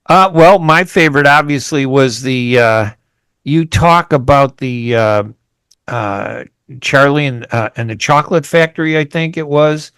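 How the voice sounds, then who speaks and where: A man's voice: on the high side, a little slow, fairly bright tone, clear, resonant tone, no echo. A man hosting a radio interview, chatty and rambling, often restarting his sentences. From United States. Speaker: radio host. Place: radio studio.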